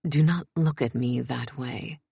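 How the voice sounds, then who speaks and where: A woman's voice: rumbling low, a little slow, gravelly, dark tone, slightly rough, no room sound, clean studio sound, pitched below the performer's own voice, heavily acted. A woman voicing a stern, grave king who speaks in clipped, commanding sentences.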